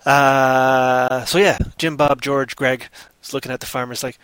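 A man's voice: medium pitch, flat delivery, unhurried, a bit bright, smooth, dry recording. A man hosting a livestream, playfully rambling through an improvised story and chatting with the chat.

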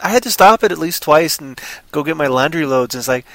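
A man's voice: a little high, lively intonation, fast, fairly bright tone, no echo. A man ranting sarcastically in casual chat about a movie he disliked. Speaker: movie reviewer.

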